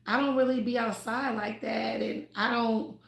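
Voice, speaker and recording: Chatty woman on a livestream talking faith, a bit high, gravelly fry, echoey room. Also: moderate pace. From United States (Ohio, raised in Houston). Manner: chatty, expressive, laughs often. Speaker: livestream host. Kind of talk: casual livestream chat about faith. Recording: roomy echo.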